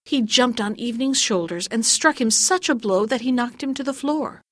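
A woman tells an old fairy tale in a measured, gently expressive way. Her voice sits a little high, and the recording is close and dry with no room sound. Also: no echo. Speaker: storyteller. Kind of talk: scripted narration of a fairy tale.

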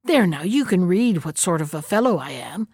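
A woman's voice: on the low side, very animated, moderate pace, darkish tone, breathy edge, no room sound, studio quality, voice pushed down, full character voice. Cocky little tailor for a storybook, bragging and chirpy, as a woman puts him on. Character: boastful cheeky little male tailor.

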